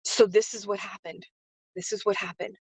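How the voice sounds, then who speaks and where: With a husky, mid-range voice and a steady tone, this woman keeps a moderate pace on an echo-free recording. She's hosting a live stream as a faith-based business coach, delivering an emotional, sincere motivational talk full of repeated phrases and personal greetings to viewers by name.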